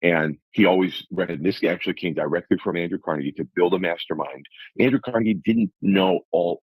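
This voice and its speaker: Deep husky motivational man. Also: brisk, no echo, poor audio. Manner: earnest, motivational, lecturing in numbered steps. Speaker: life coach guest. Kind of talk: radio talk show conversation.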